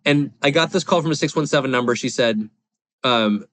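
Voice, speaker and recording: A real estate investor in his forties, appearing as a podcast guest, candidly shares a personal story in a rambling, confessional style full of fillers. His mid-range voice is fairly quick and fairly bright, captured in a dry recording.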